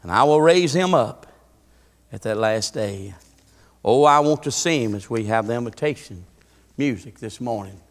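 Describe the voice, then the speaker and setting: A man preaching a sermon, swinging from hushed murmurs to fervent, rising cadences. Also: mid-range voice, expressive, moderate pace. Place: church. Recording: music behind, long hall reverb.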